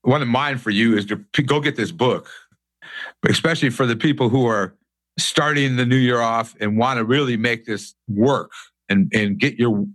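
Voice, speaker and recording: A man's voice: medium pitch, moderate pace, a bit bright. A man hosting a podcast, asking questions and giving short friendly reactions. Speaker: podcast host. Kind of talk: casual podcast interview.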